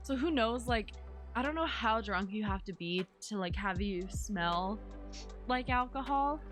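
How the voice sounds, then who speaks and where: Soft music plays behind a young woman chatting casually on her stream, her medium-pitched voice fairly bright, lively in intonation and measured in pace. She rambles through a story, full of fillers and false starts.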